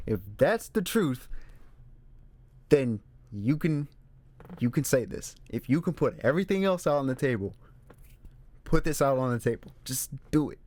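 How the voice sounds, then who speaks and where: A man hosting a casual solo movie talk, emphatic and animated, repeating his points. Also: medium pitch, moderate pace, long pauses. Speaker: movie review host. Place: room with a squeaky chair.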